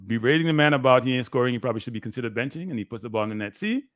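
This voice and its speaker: Excitable man calling a match. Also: medium pitch, very fast, no room sound. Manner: excitable, play-by-play that bursts into shouting. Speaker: guest analyst. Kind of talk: live watchalong match commentary.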